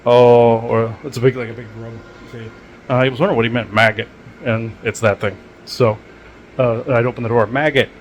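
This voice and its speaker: A man's voice: mid-range voice, flat delivery, moderate pace, dull audio. A man hosting his own show, talking alone at home in a loose, meandering way full of restarts and asides. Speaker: podcast host. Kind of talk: rambling solo monologue.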